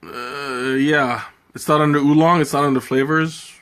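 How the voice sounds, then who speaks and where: A man's voice: medium pitch, steady tone, normal speed, a bit bright, clear, resonant tone. A man hosting a live tea tasting, chatting casually with viewers, laughing often and thinking aloud. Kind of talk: casual live-stream chat, answering viewer comments.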